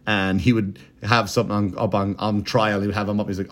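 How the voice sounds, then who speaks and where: A man's voice: lowish voice, little pitch movement, fairly quick, hardly any pauses. A man hosting a podcast, telling a story in a rambling, profane, casual comedic way, with mocking impressions. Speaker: podcast host.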